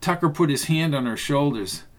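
A man reading a novel aloud as narrator, in a steady, measured way. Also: fairly high pitch. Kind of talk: audiobook narration.

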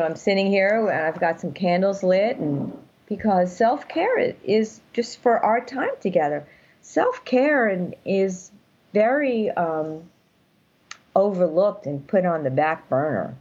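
The voice is an older woman's, on the low side and a little mellow, heard through dull audio. She's an interview guest calling from a room at home, telling her story earnestly and emphatically in a casual interview.

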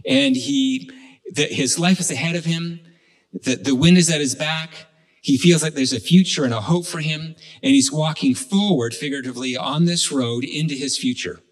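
A man's voice: a little high, poor audio. A man preaching a sermon, retelling a fable with frequent restarts. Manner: halting, with many restarts and fillers. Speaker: pastor. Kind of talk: sermon storytelling.

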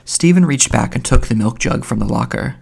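A man reading literary fiction aloud as an audiobook, in a measured way with small slips. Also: mid-range voice, animated, vocal fry, a little mellow, husky. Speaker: audiobook reader.

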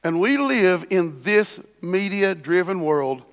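A man's voice: sits high, lively intonation, takes it slowly. A man preaching a sermon as pastor in a church, conversational with sudden emphatic bursts. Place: church sanctuary. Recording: long hall reverb.

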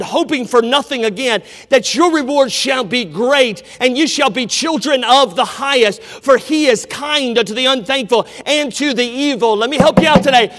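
A man preaching a sermon to a large gathering, emphatic, swinging from loud declarations to hushed asides. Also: extremely high pitch. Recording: long hall reverb.

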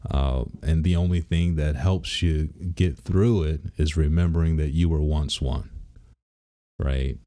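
This bass-voiced man, a father in his thirties, speaks a little slowly with a warm, steady tone. In a relaxed personal vlog, he rambles casually and laughs occasionally.

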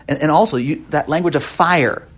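Breathy man teaching a Bible class. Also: on the high side, normal speed. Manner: repeats words often, asks the group questions. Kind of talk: classroom Bible study lesson.

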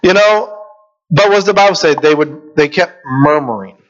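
A pastor preaches a sermon to his congregation in a fairly high, fairly bright voice, expressive and at normal speed. He builds momentum through repeated questions and reads scripture aloud. The recording sounds dull and lo-fi.

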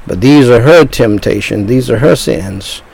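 Older male pastor, gravelly voice, sermon, repeats and restarts. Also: medium pitch, lively intonation, a little slow, darkish tone, rough recording. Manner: preaching with repeated words and restarts.

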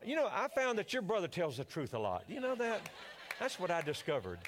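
A man's voice: sits high, wildly swooping pitch, a little fast, noisy background. An older male pastor with a Louisiana accent, preaching a sermon as a folksy, joking storyteller.

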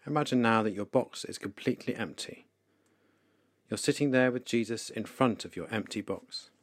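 A man leading a guided meditation for listeners, speaking slowly, calmly and softly with pauses. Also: on the low side, no echo, studio quality. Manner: slow, calm, soft-spoken with pauses. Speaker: devotional leader.

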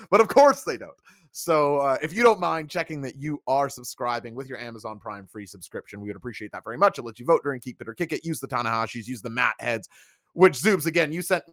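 A man hosting a casual livestream review chat, animated and jokey, reading out viewer scores with playful emphasis. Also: mid-range voice, dry recording, clean studio sound. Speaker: host.

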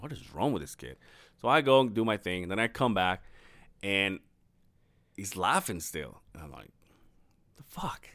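Man, 30s, podcast co-host; low voice, dry close mic, loose swearing storyteller. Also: a bit bright, dry recording. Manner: rambling, profane, laughs often. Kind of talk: casual storytelling chat.

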